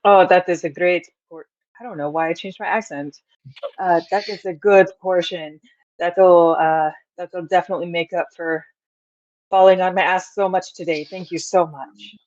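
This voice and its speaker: A woman's voice: lowish voice, steady tone, moderate pace, a little mellow, no echo, dull audio, natural voice. Woman playing a polite, grateful adventurer. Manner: polite, bumbling, slips between voices. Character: big, homesick female adventurer, polite and grateful.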